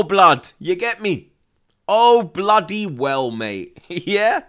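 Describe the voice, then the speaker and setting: A young man hosting a live football watchalong, excitable and repetitive, taunting rival fans. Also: high voice, slow. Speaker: host of a football watchalong stream. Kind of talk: live fan reaction stream.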